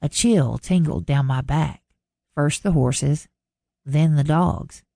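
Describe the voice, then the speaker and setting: Gravelly woman narrating a romance audiobook. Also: sits low, slow pace, mellow, no room sound, clean studio sound. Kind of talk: scripted first-person narration.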